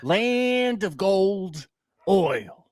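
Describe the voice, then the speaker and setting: A man's voice: sits high, big pitch swings, extremely slow, darkish tone, dry recording, clean studio sound. A young man co-hosting a casual recap podcast, joking and swearing often and laughing between lines. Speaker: podcast co-host.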